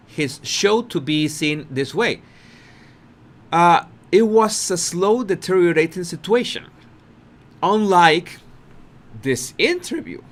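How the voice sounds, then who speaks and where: A man hosts his commentary channel and picks apart a clip. His voice sits high and swings up and down a lot as he stresses words. He speaks slowly and often repeats himself. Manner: animated and emphatic, repeats words, laughs at his own points. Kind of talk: video commentary on a talk-show clip.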